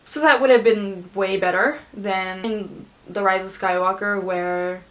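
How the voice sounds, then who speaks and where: A woman vlogger reading aloud and chatting casually, gushing and squealing with excitement. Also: mid-range voice, unhurried. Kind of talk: casual script-reading commentary.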